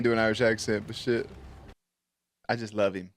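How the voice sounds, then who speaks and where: A man's voice: on the low side, flat delivery, normal speed, faint music behind. A man hosting a reaction video, swearing and laughing as he comments on a show. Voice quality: profane, laughs often.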